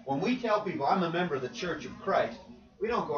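A man's voice: fairly high pitch, big pitch swings, fast. A man preaching to a church class, asking questions and repeating points for emphasis. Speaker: preacher leading a Bible class. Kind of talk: interactive Bible teaching. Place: church meeting room. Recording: roomy, distant, dull sound.

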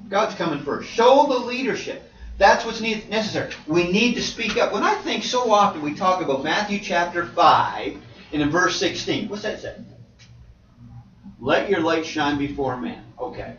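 A male preacher giving an animated sermon, with sudden loud exclamations. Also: high voice. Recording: roomy, distant, slightly dull.

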